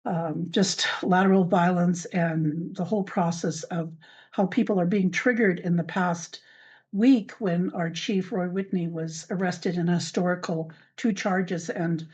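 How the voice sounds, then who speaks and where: Older woman podcaster, talks haltingly with lots of ums, dull muffled recording. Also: on the low side, steady tone, darkish tone, breathy edge. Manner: halting, many fillers and restarts. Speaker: podcast host. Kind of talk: personal spoken account.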